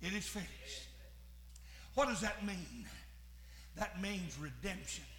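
A man preaching a sermon, moving from hushed, slow phrases to shouted, fervent preaching. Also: high voice, lively intonation, echoey room.

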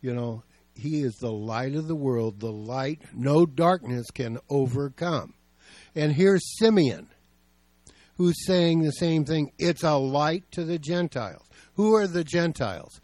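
A man's voice: a little high, expressive, a little slow, a little mellow, no echo. A male pastor preaching a sermon, telling stories in a plain, conversational way.

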